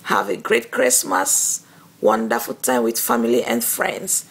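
A woman evangelist speaks an encouraging devotional message straight to her viewers. Her voice is husky and deeply gravelly, full of rough fry. She talks very slowly and earnestly, repeating words and pausing on fillers. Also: very animated, a bit bright.

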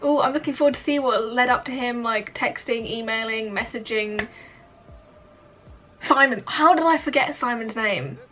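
A young woman hosting a reaction video, chatting casually and gushing excitedly over what she watches. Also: on the high side, moderate pace. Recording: voice over show audio with music.

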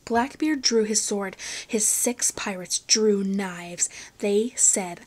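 Slow, hushed woman reading aloud. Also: medium pitch. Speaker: audiobook reader. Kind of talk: audiobook narration.

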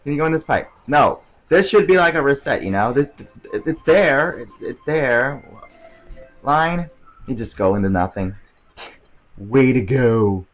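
A man giving casual, excitable gameplay commentary, rambling to himself and often stammering over restarts. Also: medium pitch, normal speed, muffled recording, faint music behind. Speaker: let's play commentator.

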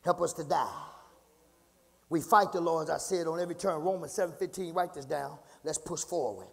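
A man preaching an impassioned sermon, swinging from low murmurs to shouts, repeating phrases and calling out to the congregation. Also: fairly quick, creaky, breathy edge. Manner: call-and-response, repeats phrases. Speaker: pastor. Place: church sanctuary. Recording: reverberant church hall.

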